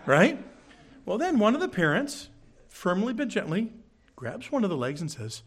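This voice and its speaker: Lively, animated male preacher. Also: moderate pace, long pauses. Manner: animated, jokey storytelling with sudden high bursts. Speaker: pastor. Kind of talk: sermon.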